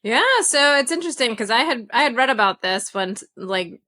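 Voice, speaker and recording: A woman co-hosting a casual podcast, lively and laughing often. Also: fairly high pitch, brisk. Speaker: podcast co-host.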